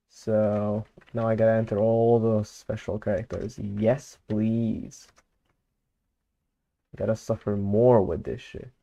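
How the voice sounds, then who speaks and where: Slow low-voiced man thinking aloud. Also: mellow, muffled recording. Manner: thinking aloud while working, many fillers and self-corrections. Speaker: conlang creator. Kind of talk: casual screen-recorded commentary.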